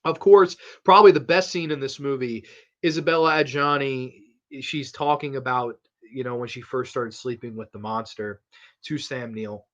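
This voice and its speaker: Brief: male podcast host, casual horror film review, animated and profane, middling pitch, dull lo-fi recording. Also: moderate pace. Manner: animated, profane, rambling delivery.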